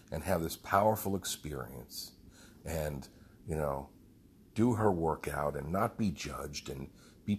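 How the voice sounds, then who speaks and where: A man's voice: deep voice, slight background noise. A man who leads a group fitness program, telling a rambling, heartfelt story with some swearing. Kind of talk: casual storytelling monologue.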